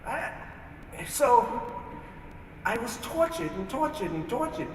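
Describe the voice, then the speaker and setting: Speaking slowly in an extremely high, very animated voice, the New York man shares his testimony with earnest feeling and reenacts his own past words. It's an archive recording made with a distant mic in an echoey hall, carrying slight hiss or hum.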